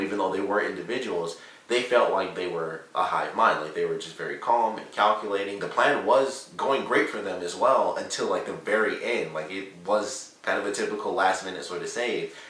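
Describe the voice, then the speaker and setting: A man giving a casual, rambling spoken review of a TV episode, excitable and full of "like" and "you know". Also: sits low, brisk. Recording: roomy echo, distant from the mic.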